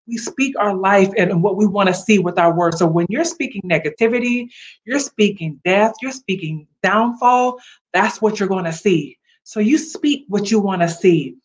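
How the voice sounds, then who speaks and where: A woman's voice: medium pitch, moderate pace. A woman hosting a motivational livestream, encouraging viewers directly with a preachy, upbeat manner. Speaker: livestream host. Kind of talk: casual motivational livestream talk.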